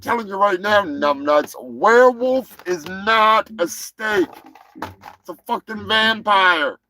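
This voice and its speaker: A man's voice: high-pitched, takes it slowly, bright, forceful tone, low-quality recording. A man hosting a live comedy show, riffing in a crude, profane, joking rant. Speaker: host.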